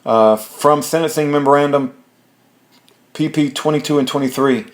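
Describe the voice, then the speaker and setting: A man's voice: a little high, normal speed. Man reading court papers aloud. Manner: plain reading with fillers and restarts. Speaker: reader of court documents. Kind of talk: reading legal documents aloud.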